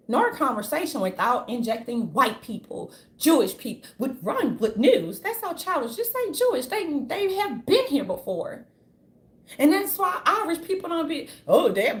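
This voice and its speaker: A woman vlogger ranting in a casual, blunt way, swearing freely and restarting her sentences as she goes. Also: high voice. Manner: blunt, profane, rambling, with many restarts. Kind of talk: casual opinion rant. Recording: roomy echo, faint ambience.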